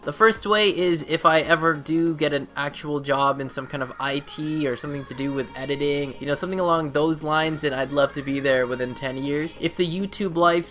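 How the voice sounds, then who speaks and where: Bright-voiced young Canadian man, rambling. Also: on the high side. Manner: rambling, many fillers and restarts. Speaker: YouTuber answering viewer questions. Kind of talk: casual Q&A chat.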